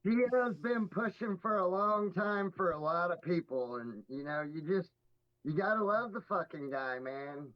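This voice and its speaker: A man's voice: high voice, lively intonation, moderate pace, lo-fi sound. A man in a casual chat, laid back and swearing casually.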